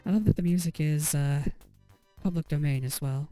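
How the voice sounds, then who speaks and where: A woman casually talking through a retro game, reading its text aloud and tossing in dry, amused remarks. Her voice is mellow and warm, recorded close and dry, with faint game music underneath. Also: deep voice, normal speed, no echo. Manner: wry, amused asides. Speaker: let's play host.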